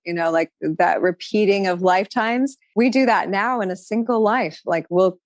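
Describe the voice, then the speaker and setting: Reflective woman with a low, dry voice. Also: dry recording. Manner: reflective, spiritual, speaks in flowing run-on thoughts with many "like"s. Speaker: podcast guest. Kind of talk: casual conversational interview.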